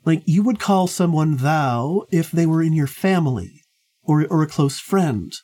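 A woman's voice: low-pitched, lively intonation, measured pace, warm tone. A woman hosting a casual book discussion, explaining points at length with many fillers. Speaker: podcast host.

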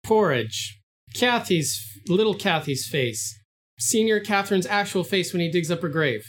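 A man's voice: high voice, animated, unhurried, a bit bright. A man in casual chat, answering quiz questions tentatively and speculating.

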